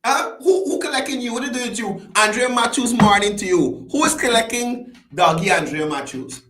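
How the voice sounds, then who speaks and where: Very high in pitch and a little fast, this male host is heard with a roomy sound. He chats and welcomes viewers by name on his relaxed call-in style commentary show, his intonation rising and falling energetically.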